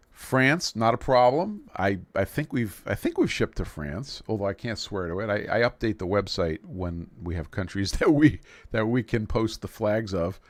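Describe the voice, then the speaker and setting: A New York City man hosts a casual livestream in a lowish voice, joking and rambling and restarting his sentences. The recording is dry.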